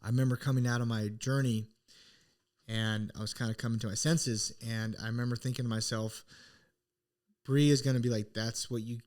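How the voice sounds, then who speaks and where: Our middle-aged podcast co-host talks fairly quickly in a medium-pitched, steady, slightly mellow voice. Sincerely recounting something personal, he keeps things casual and reflective while restarting many times.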